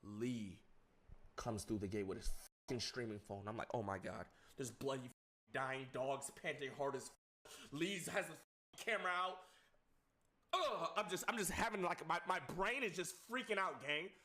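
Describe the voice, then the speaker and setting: A young man telling a chaotic personal story to viewers, swearing often and swinging between low recounting and laughing outbursts. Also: moderate pace, sharp tone. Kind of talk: animated storytelling with heavy swearing.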